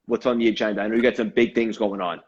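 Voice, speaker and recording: A man's voice: fairly low pitch, fairly even intonation, racing. A man hosting a podcast interview, effusive and encouraging toward his guest. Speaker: podcast host. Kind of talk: casual interview chat. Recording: slightly dull, lo-fi sound.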